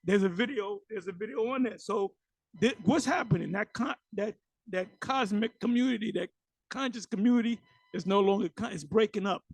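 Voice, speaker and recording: A man giving ranting religious commentary on clips, animated and mocking, with many fillers. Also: sits high, moderate pace, creaky, breathy edge, no echo, low-quality recording.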